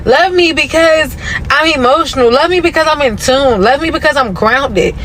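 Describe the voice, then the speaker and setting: A man's voice: extremely high pitch, normal speed, bright, forceful tone, slight background noise, rough recording. Impassioned swearing man ranting. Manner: impassioned, swearing, repetitive pleading. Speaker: social media commentator. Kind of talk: emotional rant to camera.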